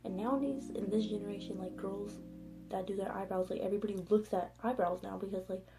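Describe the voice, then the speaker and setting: A woman's voice: medium pitch, fairly even intonation, fast talker, warm tone, poor audio. A young woman telling a casual storytime in her vlog, rambling with constant fillers and frequent swearing. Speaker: vlogger. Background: background music.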